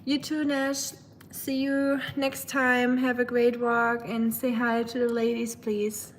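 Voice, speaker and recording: A woman live streamer chatting casually with her viewers, rambling with lots of fillers and quick laughs. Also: a little high, level tone, a little hiss or hum. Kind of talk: casual chat reading viewer comments.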